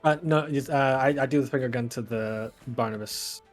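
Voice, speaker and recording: Man player narrating his moves casually, rambling, mid-pitched. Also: moderate pace, soft background music. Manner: rambling, lots of fillers. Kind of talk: casual tabletop game narration.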